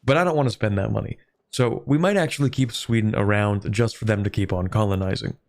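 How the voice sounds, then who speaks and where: Speaking fast with vocal fry in a lowish register, this man streams a strategy game. His casual commentary mixes thinking aloud with replies to viewer questions.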